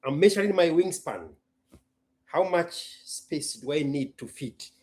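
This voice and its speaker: A man's voice: on the high side, animated, a little slow, a little mellow, slightly rough. A young man hosting a casual live stream, playful and theatrical, chatting and joking with himself.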